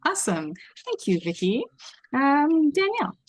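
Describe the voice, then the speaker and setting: A woman's voice: high voice, wildly swooping pitch, a little slow, dry recording. A woman from Washington state hosting an online table read over a video call, chatty and informal. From Washington state, USA.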